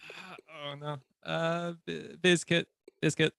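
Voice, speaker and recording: A man's voice: a little high, flat delivery, takes it slowly, creaky, bright, forceful tone, no echo. A man from the US, a guest on a video-call interview, giving short, hesitant answers with lots of fillers. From USA.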